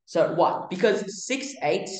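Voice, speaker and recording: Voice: medium pitch, animated, slow pace, a little mellow, very echoey, rough recording. A music theory tutor giving a casual online lesson, explaining in a chatty way with many fillers and restarts.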